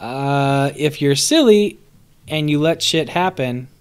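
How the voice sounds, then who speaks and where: Animated young man reviewing cards on a live stream. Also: fairly high pitch, slow pace, clean tone. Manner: animated, swearing, laughing, answers chat. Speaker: streamer reviewing a card set. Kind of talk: casual live-stream commentary.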